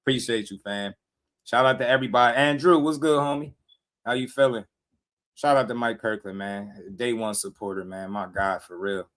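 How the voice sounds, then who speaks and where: A man hosting a live boxing stream in loose, slangy casual chat, giving shout-outs to viewers. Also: mid-range voice, normal speed. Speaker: livestream host.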